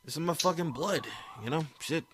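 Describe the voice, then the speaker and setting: A man's voice: fairly high pitch, a little fast, a bit bright, a little hiss or hum. Laid-back, profane man from Maryland. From Maryland, USA. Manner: laid-back, profane, peppers talk with "you know". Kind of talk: casual chat.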